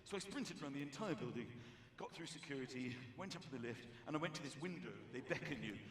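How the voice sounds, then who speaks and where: A man performing stand-up comedy on a large theater stage, telling a story in an animated, excitable way into a handheld mic. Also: medium pitch, quick pace, recorded from a distance. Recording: echoey hall, audience noise.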